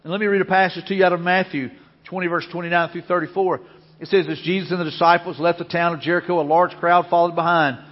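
High-voiced preacher in an echoing hall. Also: male voice, steady tone, quick pace. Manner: earnest preaching with repeated phrases. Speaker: pastor. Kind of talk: sermon. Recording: dull lo-fi sound with long hall reverb.

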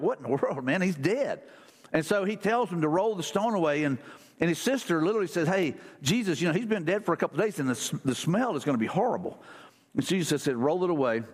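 A man's voice: a little high, long reverb tail. A man preaching a sermon as pastor in a casual, conversational way. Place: church sanctuary.

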